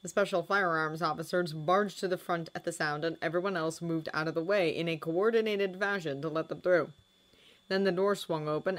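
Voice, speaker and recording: A woman reading fanfiction aloud in a lively storytelling manner, acting out shouted lines. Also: lowish voice. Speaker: fanfiction audiobook reader.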